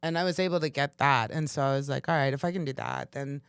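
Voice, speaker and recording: A woman's voice: very deep voice, fast talker, gravelly, smooth, dry recording, clean studio sound. A woman comedian, a guest in a casual interview, telling stories animatedly, laughing often and acting out dialogue.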